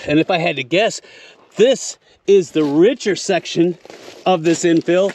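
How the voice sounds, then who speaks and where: A man's voice: sits high, a little slow, a little mellow. A man hosting an outdoor geology lesson, pointing out rocks at an old mine site in a casual, instructive way. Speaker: host explaining geology. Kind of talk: outdoor teaching walkthrough.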